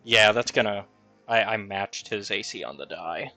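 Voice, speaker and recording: A man's voice: lowish voice, normal speed, bright, forceful tone, faint music behind. A man running a tabletop game as dungeon master, thinking aloud over the rules with fillers.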